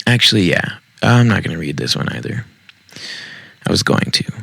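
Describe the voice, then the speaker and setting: A man reading Reddit stories aloud in a deep, heavily gravelly voice with a husky edge. He talks casually, dropping wry, swearing asides between passages. The recording is dry and close, made at home in a basement. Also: sing-song, slow, fairly bright tone, no room sound.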